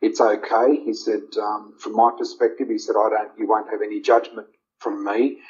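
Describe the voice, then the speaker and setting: A middle-aged Australian man, appearing as an interview guest, earnestly tells a heartfelt personal story, retelling family conversations in detail. His voice is lowish, level, and a little mellow at normal speed, in slightly muffled lo-fi audio with some hiss or hum.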